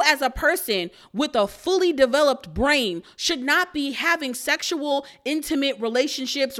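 A woman in her thirties hosting a podcast, telling a story in a blunt, profane way that breaks into loud outrage. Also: sits high. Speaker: podcast host. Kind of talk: casual storytelling rant.

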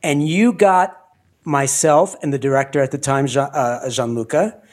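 A man hosting an interview podcast, talking in an animated way and laughing often. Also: mid-range voice, moderate pace. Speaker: podcast host. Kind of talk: conversational interview.

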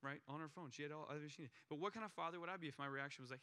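A middle-aged man preaching a sermon, telling a personal story in a conversational way that grows excited at moments. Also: on the high side, very fast, hardly any pauses, clear, resonant tone. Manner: conversational, with restarts and rising excitement. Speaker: pastor.

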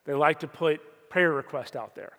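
A man's voice: on the high side, moderate pace. Conversational male pastor in a reverberant hall. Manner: conversational preaching, swings between loud emphasis and quiet asides. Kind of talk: sermon.

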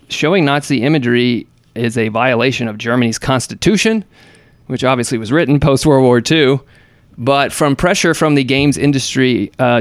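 A man's voice: mid-range voice, clear, resonant tone, no echo. A man co-hosting a podcast, chatting casually about gaming news in a rambling, hesitant way full of fillers and restarts. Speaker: podcast co-host.

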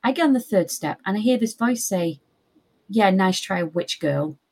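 A young woman telling a spooky personal story in casual chat, lively and quoting others. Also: mid-range voice, moderate pace, slightly rough. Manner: animated, quotes others in voices.

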